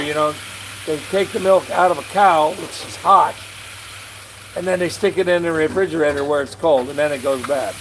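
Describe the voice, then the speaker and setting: A man's voice: a little high, noisy background. A man talking casually to his viewers at home, rambling and chatting to his dogs as he goes. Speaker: vlogger. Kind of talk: casual vlog chat. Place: home in the Philippines.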